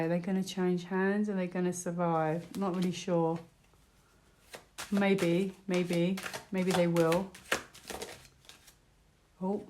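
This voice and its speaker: A British woman with a slightly low voice chats her way through a tarot reading. She rambles, circles back and fills pauses with easy conversational filler. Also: noisy background. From United Kingdom. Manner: rambling, chatty, many fillers. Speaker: tarot reader. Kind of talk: casual tarot reading vlog.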